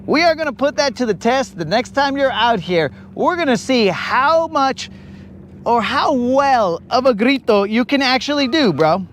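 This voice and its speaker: A man chatting casually on a live fishing stream, telling stories in an animated way, calling everyone bro and breaking into whooping yells. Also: extremely high pitch, measured pace, slight background noise. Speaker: fishing livestreamer.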